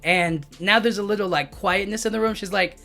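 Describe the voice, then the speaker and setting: A man's voice: sits high, fairly quick, gravelly, bright, forceful tone. A man recapping a manga chapter in a loose, casual way, filling his talk with "like" and "you know what I mean", with faint music behind. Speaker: anime and manga reviewer.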